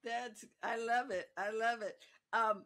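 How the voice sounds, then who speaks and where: A woman's voice: fairly high pitch, fairly even intonation, a little slow, a bit bright. A woman hosting a podcast interview, asking conversational, admiring questions. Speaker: podcast host. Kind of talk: casual interview chat.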